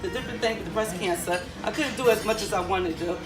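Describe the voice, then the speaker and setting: A woman's voice: mid-range voice, fast talker. A woman sharing her personal story with a running group, speaking emphatically and laughing often. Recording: echoey room from far off, with crowd and music.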